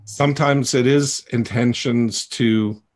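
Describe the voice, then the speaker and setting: A man's voice: medium pitch, fairly even intonation, slow. A man hosting a coaching session, talking to a group in a candid, rambling way with self-deprecating humor. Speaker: coach and host.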